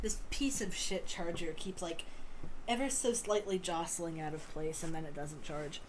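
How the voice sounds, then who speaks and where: A woman with a low voice runs a tabletop game over a home mic. She narrates casually and swears freely. A faint hiss lies under her voice. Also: moderate pace. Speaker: game master.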